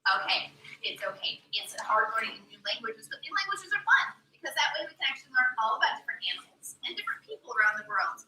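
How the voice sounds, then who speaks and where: A young woman performing as a mermaid, teaching children in an animated, sing-song way at a live aquarium show. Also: a little high, quick pace, slight background noise. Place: aquarium tank area with audience. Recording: echoey room from far off, faint ambience.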